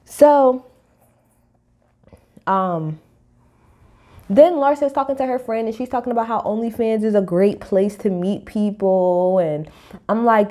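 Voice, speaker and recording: A woman speaks, recapping a reality TV episode in a casual, chatty way. Her delivery is sassy and animated, and she stops often to throw in blunt opinions. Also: medium pitch, measured pace, pauses often. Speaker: TV recap host.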